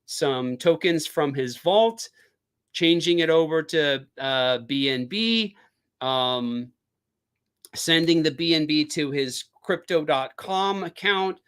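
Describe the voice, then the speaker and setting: A man's voice: on the high side, slow, a bit bright, clean tone. A man hosting a casual live stream, chatty and rambling, with frequent fillers, talking into a desk microphone. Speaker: crypto live stream host.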